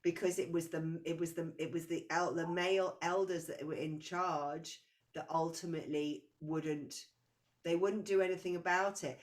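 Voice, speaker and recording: This woman's voice is lowish, with fairly even intonation and a moderate pace. During a spiritual reading session she gives a client a past-life reading, speaking intensely and doubling back as she gropes for words.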